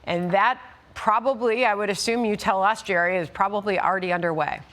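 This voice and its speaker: A woman's voice: medium pitch, brisk, a bit bright. Woman anchoring a live news show.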